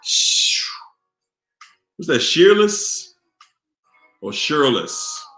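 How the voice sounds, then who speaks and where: A man's voice: a little high, sing-song, drawn-out words, sharp tone. A tired middle-aged man hosting a casual live stream, laid-back as he greets chat viewers by name. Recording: roomy echo with faint music.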